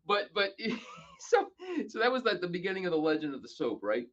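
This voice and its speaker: A man telling stories casually as a podcast guest, animated and acting out other people's lines. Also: sits high, fast talker, few pauses, lo-fi sound. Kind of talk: casual storytelling.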